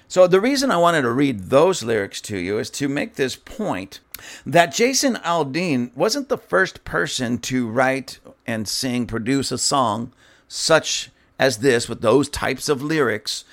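A man's voice: medium pitch, very animated, a little slow, fairly bright tone. A middle-aged man hosting a commentary talk, reading song lyrics aloud and stopping for his own asides. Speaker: political commentary host.

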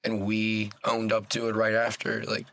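A man's voice: lowish voice, completely flat delivery, normal speed, gravelly, a bit bright, no room sound. A man hosting a podcast in casual chat, blunt, repeating words and swearing freely.

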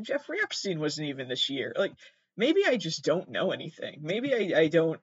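A man's voice: fairly high pitch, breathy edge, no room sound, dull audio. A young man from Massachusetts hosting a podcast, rambling through casual commentary with swearing and self-mocking asides. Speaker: podcast host.

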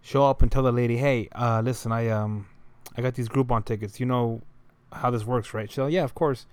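A man's voice: mid-range voice, steady tone, fairly quick, a little mellow, smooth. A young man telling a story in a loose, rambling way, full of slang and fillers. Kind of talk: casual storytelling monologue.

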